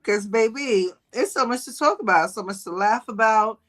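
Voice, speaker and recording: This livestream host is a talkative woman sharing gossip with viewers at a moderate pace. She acts out quotes in a higher voice, laughs frequently and tells her stories with animation, all on a low-quality recording.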